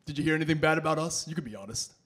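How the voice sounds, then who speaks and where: A man doing a loud, animated stand-up set in the back room of a bowling alley, working the crowd. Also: on the high side, very fast. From New York. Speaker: stand-up comedian.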